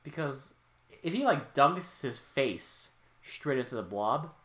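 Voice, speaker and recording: Podcast co-host, excitable recap chat, sweary, animated pitch, bright sharp tone. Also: takes it slowly. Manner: excitable, swears freely, bursts of loud exclaiming. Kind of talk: casual movie recap chat.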